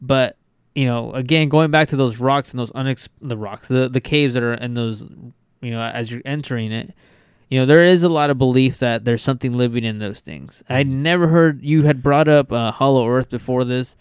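A man's voice: mid-range voice, normal speed, clear, resonant tone, dry recording. A man co-hosting a podcast in casual chat, rambling and swearing with lots of restarts. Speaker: podcast co-host.

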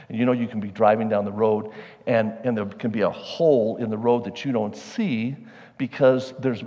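An animated male preacher telling a personal story in a casual, self-deprecating way at a mid-range pitch. His voice rings with a long reverb from a large hall. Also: muffled recording. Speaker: pastor. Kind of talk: sermon storytelling.

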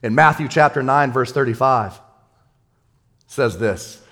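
A man preaching a sermon as pastor, his voice sitting in an ordinary middle pitch. He talks casually and excitably, with plenty of everyday slang between the scripture. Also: unhurried.

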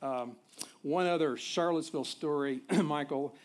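Pastor with a high, halting voice. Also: male voice. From Nashville, USA. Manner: halting, with frequent fillers and restarts. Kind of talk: sermon.

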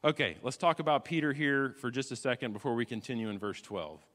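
A man preaching a sermon as a pastor, dramatic, swinging from loud declarations to hushed tones. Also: medium pitch, expressive, fairly quick, in a large hall.

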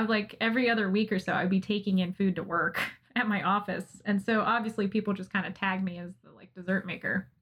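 Husky-voiced woman ranting with laughs. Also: medium pitch. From United States. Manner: animated, laughing, mock-ranting. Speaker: podcast co-host, interviewee. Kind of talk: casual chat.

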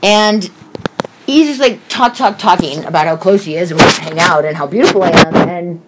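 A woman's voice: on the low side, normal speed, very noisy. A woman casually telling a story, blunt and profane, with sarcastic asides.

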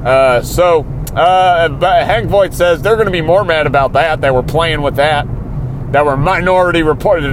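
Behind the wheel of a car, this podcast host goes over a TV episode in a loose, meandering way, his voice a little high. He repeatedly winds himself up as he talks, and there's noise in the background.

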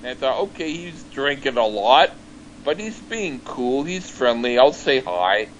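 A man's voice: medium pitch, big pitch swings, unhurried, a little hiss or hum, low-quality recording. A man chatting casually over a call on a headset, stumbling and repeating words as he tells stories. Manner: stammering, repeats words, laughs while telling stories. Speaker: podcast guest.

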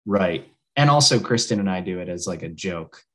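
A man's voice: low-pitched, animated, moderate pace, a bit bright. A young man from New Jersey co-hosting a podcast, chatting in an easygoing, rambling way that trails off. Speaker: podcast co-host. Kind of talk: casual chat.

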